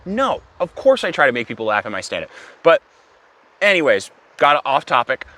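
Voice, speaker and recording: A young man telling a comedic story in a rambling, deadpan way, with self-aware asides. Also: on the high side, fast talker.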